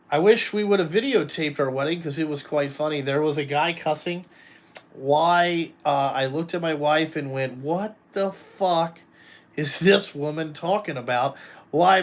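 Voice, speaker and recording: Blunt, profane man ranting casually. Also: on the high side. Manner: blunt, profane, rambling, addresses viewers directly. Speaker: trucking company owner and vlogger. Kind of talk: casual live chat.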